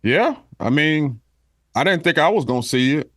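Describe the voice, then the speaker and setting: A man co-hosting a sports podcast, speaking haltingly with many fillers. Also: fairly high pitch, expressive, no room sound, clean studio sound. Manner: halting, full of "you know" fillers. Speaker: podcast co-host. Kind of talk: casual sports podcast chat.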